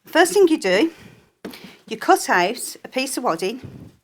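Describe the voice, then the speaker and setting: A woman's voice: high-pitched, big pitch swings, measured pace. A woman giving a live sewing demonstration on a shopping channel, chatty and jokey as she explains each step.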